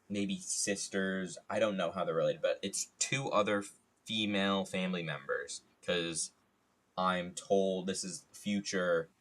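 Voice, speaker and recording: A man's voice: sits low, a bit bright. A man streaming from home, telling a rambling, jokey story in a casual way. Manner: rambling, jokey, playful idioms. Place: home studio.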